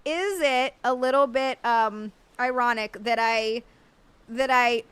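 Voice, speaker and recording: An American woman chats casually on a livestream, rambling, reading viewer messages aloud, and swearing occasionally. Her voice is on the high side, slow-paced, fairly bright and clean, recorded dry.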